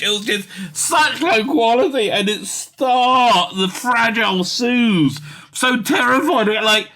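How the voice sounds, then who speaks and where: A man's voice: extremely high pitch, lively intonation, slow pace, sharp tone. A man hosting a ranting news commentary, reading articles aloud with scorn and exasperation and stumbling over the text. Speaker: commentary channel host.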